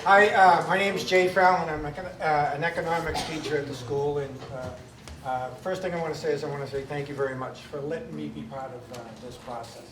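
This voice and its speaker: Male teacher, graduation speech, energetic crowd-leading, roomy hall, distant mic. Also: fairly high pitch, a little fast, background noise. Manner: energetic, leads the crowd in cheers. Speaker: economics teacher.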